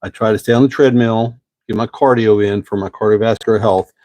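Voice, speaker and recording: Host in his fifties, folksy and rambling, low voice, dry close sound. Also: steady tone, warm tone, no room sound. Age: 50s. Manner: rambling, folksy, drawn-out pauses. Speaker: host answering live chat questions. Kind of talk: casual live-stream chat.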